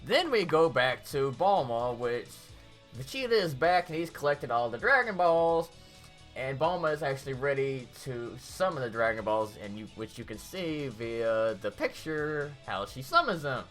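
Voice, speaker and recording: A woman's voice: a bass voice, soft background music. A woman giving a casual, rambling review of a cartoon episode, recapping scenes in a chatty way. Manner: rambling, animated recap with quick acted-out quotes.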